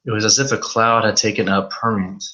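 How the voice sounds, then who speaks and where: A man's voice: lowish voice, flat delivery, fast, pushed and bright, highs cut off. A man reading a horror story aloud on a live stream, stumbling over words now and then and swearing in asides.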